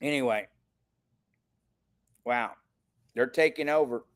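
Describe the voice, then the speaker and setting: A man's voice: medium pitch, slow pace. An older man from Texas hosting a casual livestream, talking in a rambling, indignant way with frequent restarts. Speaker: show host.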